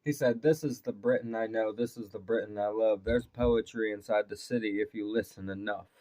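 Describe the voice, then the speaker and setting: A man's voice: fairly low pitch, steady tone, brisk, dark tone. A man in his thirties hosting a casual reaction video, laid-back and swearing freely, his voice tired from a day of talking at work. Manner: laid-back, swears a lot, laughs often.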